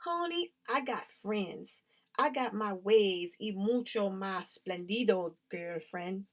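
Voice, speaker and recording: A woman voicing a sassy, show-off eleven-year-old girl who teases in a high singsong and mixes in Spanish words. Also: animated, slow. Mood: teasing.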